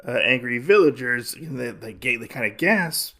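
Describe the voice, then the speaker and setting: A man's voice: mid-range voice, lively intonation, normal speed, pushed and bright. A young adult man hosting a podcast, casually recapping a comic with lots of fillers. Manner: rambling, many fillers. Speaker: podcast host.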